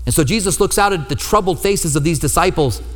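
Higher-voiced male pastor with hall reverb. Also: a little fast, fairly bright tone. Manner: storytelling, acts out quoted lines with humor. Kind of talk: sermon.

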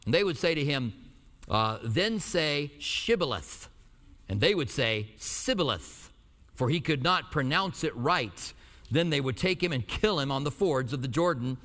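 A pastor from Albuquerque teaching verse by verse, reading scripture slowly and then explaining it in a conversational way with light jokes. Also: male voice, fairly high pitch, animated, fairly bright tone. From Albuquerque, New Mexico. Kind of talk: verse-by-verse sermon. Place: church in Tucson. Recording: hall reverb.

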